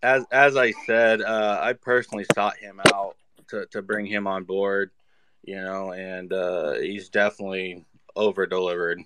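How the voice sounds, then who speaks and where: A man's voice: low voice, fairly even intonation, normal speed, pushed and bright, smooth. A man leading a crypto project, chatting casually on an online call and often repeating phrases as he talks.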